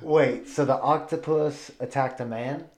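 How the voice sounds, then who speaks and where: A man co-hosting a casual podcast. He rambles and jokes, and his talk is sprinkled with profanity. His voice sits in an ordinary middle pitch for a man. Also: fairly even intonation, a little slow. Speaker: podcast co-host.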